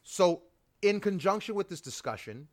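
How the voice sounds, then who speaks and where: Fairly high-voiced male podcast host. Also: very animated, moderate pace, darkish tone. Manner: speeds up when mocking, trailing restarts. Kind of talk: casual chat.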